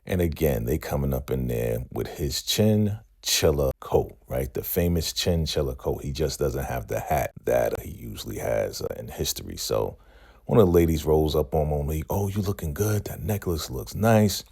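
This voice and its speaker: Gravelly deep-voiced man recapping casually. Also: normal speed. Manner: relaxed storytelling, acts out characters' lines, frequent "right?". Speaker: recap show host.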